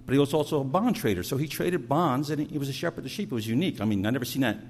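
A man's voice: medium pitch, very fast, darkish tone, a little hiss or hum. Conversational male preacher telling stories. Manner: storytelling, conversational, repeats words. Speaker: pastor. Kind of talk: sermon.

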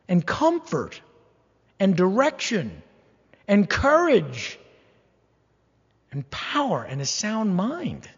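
A man preaching a sermon, animated and humorous, slipping into mock-whining voices as he acts out complaints. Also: high-pitched, husky, in a large hall, dull audio. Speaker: pastor.

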